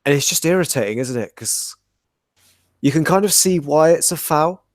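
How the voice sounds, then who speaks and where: A man's voice: fairly high pitch, expressive, normal speed, dry recording, studio quality. A man on a casual podcast, talking things through in an analytical, explanatory way. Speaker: podcast co-host.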